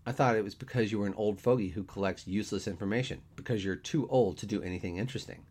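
A man voicing a wry, deadpan man in his thirties who teases his friend in a storybook reading. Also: lowish voice, fast, husky. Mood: wry, teasing. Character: dry, teasing man past thirty, a friend.

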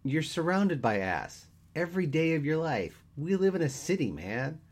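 A man playing a melodramatic guy just turned thirty, whining and making a scene over nothing. The voice sits a little low but leaps around with lively pitch in a read-aloud story. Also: moderate pace. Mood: worked up. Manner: whiny, theatrical, complaining. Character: dramatic self-pitying man turning thirty.

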